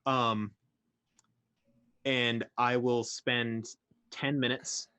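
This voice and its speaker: A man playing a tabletop game, describing his character's actions in a relaxed, searching way. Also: mid-range voice, very slow, smooth. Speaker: player.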